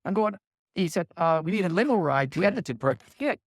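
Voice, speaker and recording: A man at a live conference panel rattles through a story at a quick clip. His voice sits a little high, and the sound is close and dry. He rambles and acts out the quotes as he goes. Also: expressive, no room sound. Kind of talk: casual anecdote on a panel.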